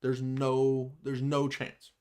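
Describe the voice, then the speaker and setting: A man's voice: mid-range voice, completely flat delivery, slow, darkish tone. A man co-hosting a casual livestream chat, thinking aloud in a laid-back way and often trailing off. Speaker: co-host of a fan podcast livestream.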